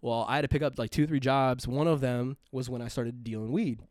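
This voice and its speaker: A young man chats casually on a podcast, swearing freely and circling back with lots of fillers and restarts. His voice is smooth and clear, mid-pitched, and sits in a very dry, close space. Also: steady tone, fairly quick, a little mellow, no room sound. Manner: profane, rambling, full of fillers and restarts. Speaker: podcast co-host. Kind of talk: casual storytelling chat.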